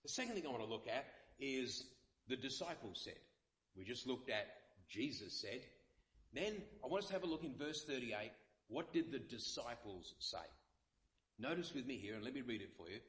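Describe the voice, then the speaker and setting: A man's voice: medium pitch, lively intonation, moderate pace, a bit bright, reverberant. A male pastor, possibly, delivering an earnest sermon with many repeated phrases. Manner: earnest, repetitive preaching with dramatic quotes.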